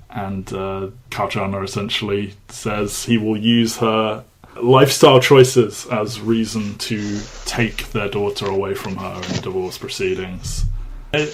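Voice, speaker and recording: Chatty low-voiced man co-hosting a podcast. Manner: chatty, many restarts and fillers. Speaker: podcast co-host. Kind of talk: casual film discussion.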